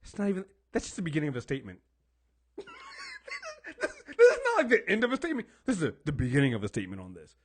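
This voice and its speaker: High-pitched, animated man ranting. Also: very fast. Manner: swearing, emphatic, repeats words when worked up. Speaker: podcast co-host. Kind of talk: heated casual podcast rant.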